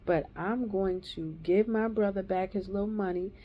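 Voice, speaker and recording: A woman's voice: medium pitch, normal speed. Heated profane woman ranting, dull lo-fi. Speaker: woman giving a personal testimony. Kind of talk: raw angry monologue. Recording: dull lo-fi recording.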